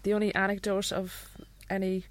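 A woman telling a dry, halting anecdote on a comedy radio show. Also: mid-range voice, completely flat delivery. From Ireland. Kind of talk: comedy panel chat.

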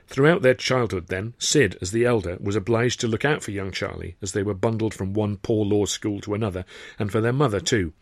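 A man narrating his own book in a wry, chatty storytelling manner. His voice sits on the low side and is recorded dry and close, with no room sound. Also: fairly quick, no echo. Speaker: author-narrator. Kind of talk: scripted audiobook narration.

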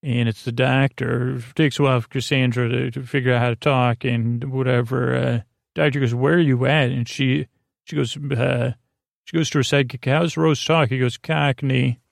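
Man, podcast host, gravelly voice, flat monotone, meandering bedtime recap, lots of fillers, dry close mic. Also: medium pitch, no echo. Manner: meandering, halting, full of fillers. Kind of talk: rambling bedtime episode recap.

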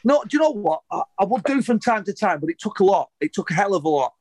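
A middle-aged former footballer, telling a story in an interview in a heated, sweary, rambling way with many restarts. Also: male voice, high voice, big pitch swings, quick pace, a little mellow, no echo, low-quality recording.

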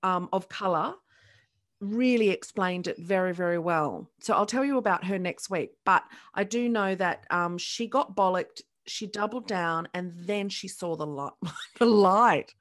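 A woman co-hosting a podcast, chatting casually and telling stories with quick bursts and acted-out quotes. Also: mid-range voice. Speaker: podcast co-host. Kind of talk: casual chat.

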